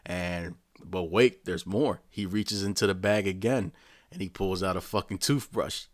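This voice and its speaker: A man recapping a show in a rambling, profane, animated casual rant. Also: sits low, measured pace, dry recording, studio quality. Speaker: vlogger.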